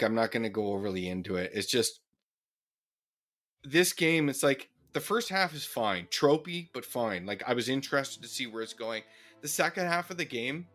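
A middle-aged man, co-hosting a casual gaming podcast and ranting in an animated, profane way into a podcast mic. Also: medium pitch. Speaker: podcast co-host.

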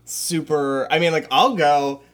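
A man's voice: a little high, steady tone, measured pace, fairly bright tone. A young man co-hosting a podcast, telling stories casually with lots of fillers and the odd swear word. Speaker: podcast co-host. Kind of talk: casual chat.

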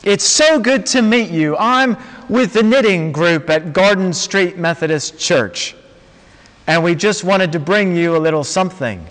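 A man voicing a sweet, cheerful tiny old church lady, speaking gently with a lilting emphasis. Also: high voice, a little slow. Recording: long hall reverb.

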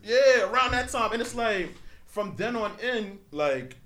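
Bright-voiced New man telling stories. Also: high voice, lively intonation, a little slow. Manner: loose storytelling, New York slang, fillers. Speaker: podcast host. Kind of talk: casual chat.

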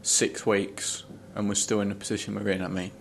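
A man co-hosting a casual fan podcast, thinking things through aloud in a measured way. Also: fairly low pitch, monotone, creaky, slight background noise. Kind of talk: casual chat.

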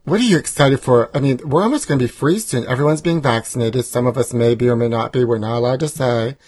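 A flamboyant, theatrical man in campy comedy banter, calling his partner honey. His voice sits at a middling pitch. The sound is dry and close, with no room echo. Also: fast talker, darkish tone, husky. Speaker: co-host.

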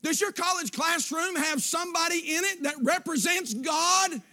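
A male pastor preaching a sermon, building up with shouted, repeated lines. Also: very high-pitched, moderate pace. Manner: preaching with shouted emphatic repetitions.

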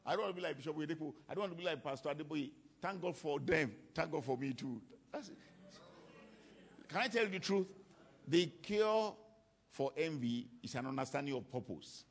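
A man's voice: fairly high pitch, expressive, a little fast, gravelly, slightly rough. A man preaching a sermon to a congregation, emphatic and fond of repeating his key lines for weight. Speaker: preacher teaching on ministry.

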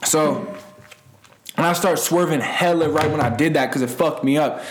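A man's voice: fairly high pitch, moderate pace, slight background noise. Slangy young man telling a wild story. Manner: profane, slangy, rambling with restarts; laughs while telling. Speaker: guest storyteller. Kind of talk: casual storytelling.

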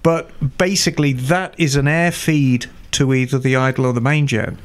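A man's voice: medium pitch, steady tone, moderate pace, smooth. An older man explaining motorcycle carburetor tuning with confidence, step by step, in a casual chat. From England. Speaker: motorcycle mechanic expert.

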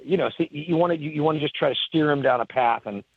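Racing through his stories, a middle-aged songwriter guest on a podcast speaks in a husky voice that's a little high. He's animated, often repeating words and starting over, and the audio has no echo but sounds tinny, like a phone line.

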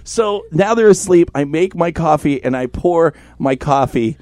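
A man hosting a podcast, telling an animated, profane story in casual chat. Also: fairly high pitch, a little slow, dry recording. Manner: animated, profane, acts out voices in quotes.

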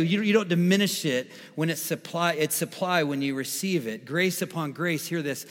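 A man preaching a sermon as pastor, emphatic, repeating key phrases and swinging between quiet and loud. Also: fairly high pitch, moderate pace, few pauses. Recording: long reverb of a large hall.

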